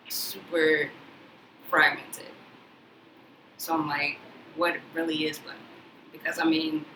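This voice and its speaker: A woman from Chicago's South Side on a panel, speaking in a low voice with a bright, forceful edge. She tells stories animatedly and acts out other people's lines. Her voice comes from a distant mic in a roomy space, with faint background noise. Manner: animated storytelling, acts out quoted dialogue. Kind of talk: panel discussion.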